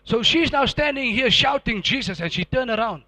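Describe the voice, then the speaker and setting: Middle-aged preacher guy, high bright voice, dramatic storytelling, dry close sound. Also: lively intonation, normal speed, dry recording. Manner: dramatic storytelling, acting out scenes with loud outbursts. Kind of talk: sermon testimony.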